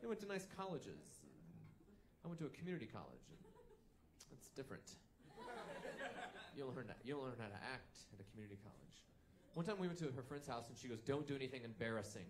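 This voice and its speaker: A man doing a stand-up comedy set, telling stories deadpan with bursts of mock outrage. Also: mid-range voice, brisk, crowd noise. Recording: live stand-up set with audience.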